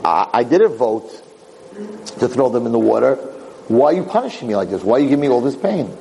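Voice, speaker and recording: A man's voice: mid-range voice, animated, brisk, vocal fry, noisy background. A man voicing a suffering biblical figure who pleads with God in bewilderment. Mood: pleading.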